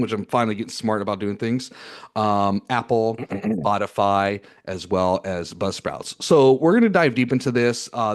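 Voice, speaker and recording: A man hosting a podcast, talking in a loose, casual way with lots of fillers and repeated words. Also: lowish voice. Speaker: podcast host. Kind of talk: casual chat.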